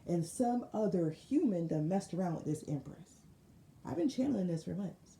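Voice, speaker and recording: A woman giving a casual spiritual tarot reading, telling it as an animated, slangy story with lots of repeated phrases. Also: lowish voice, normal speed, vocal fry, roomy sound, slight background noise. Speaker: tarot reader.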